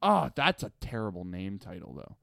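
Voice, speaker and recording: A young man from Canada co-hosting a podcast, excitable and profane, laughing often in casual banter. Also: deep voice, normal speed, creaky, no echo, clean studio sound. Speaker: podcast co-host.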